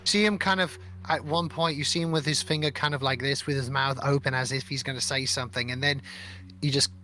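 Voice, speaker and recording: A man's voice: mid-range voice, fairly even intonation, a little fast, bright, forceful tone, a little hiss or hum. A man narrating a tabletop game as dungeon master, rambling with many hesitations.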